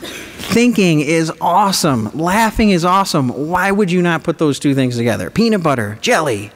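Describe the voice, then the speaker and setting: A man giving a comedic, sarcastic lecture to students as a professor, animated and teasing the audience. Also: a little high, fairly quick. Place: large lecture auditorium. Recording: echoey hall recording, faint room noise.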